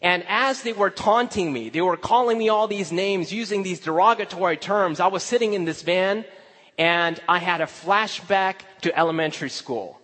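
A male pastor preaching a sermon, telling a personal story, dropping to hushed asides and rising to emphatic exclaims. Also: sits high, moderate pace. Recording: long hall reverb.

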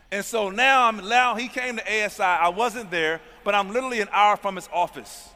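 A man's voice: high voice, brisk, hardly any pauses, pushed and bright. A man who is a pastor, preaching a sermon testimony, calling out to the congregation for responses. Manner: emphatic call-and-response preaching. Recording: long hall reverb.

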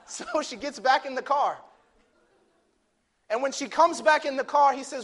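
High-voiced dramatic male preacher. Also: moderate pace, pauses often. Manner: dramatic, swings from loud declaiming to hushed near-whisper; storytelling with acted voices. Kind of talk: sermon.

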